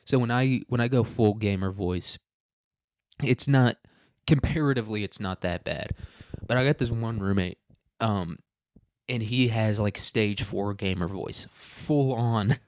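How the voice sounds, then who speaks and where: A man's voice: lowish voice, a little slow, no room sound. A young man with a nasal voice, rambling and swearing through a casual solo podcast rant, dropping "dude" and "like" and laughing often. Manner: says "dude" and "like" a lot. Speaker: podcast host.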